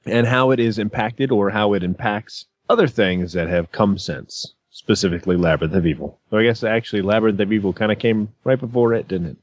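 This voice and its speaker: A man's voice: lowish voice, fairly quick, hardly any pauses, no echo. A man hosting a casual chat, recapping scenes with enthusiasm. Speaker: podcast host. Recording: dry, dull lo-fi sound.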